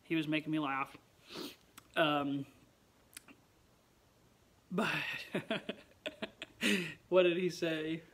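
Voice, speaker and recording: A young man with a fairly high voice talks slowly, with long pauses, in a relaxed late-night vlog from his home. Worn out and yawning, he still chats expressively, letting out frequent sighs.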